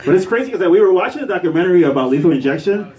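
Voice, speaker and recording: A male comedian from Puerto Rico works a bar crowd with a lively, swooping voice. He rambles loosely, full of fillers, and acts out the people in his stories. He sits a little back from the mic. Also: high voice, very fast, distant mic, lo-fi sound. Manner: loose, rambling delivery with fillers and acted-out quotes. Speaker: stand-up comedian. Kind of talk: live stand-up comedy. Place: bar stage with a live audience.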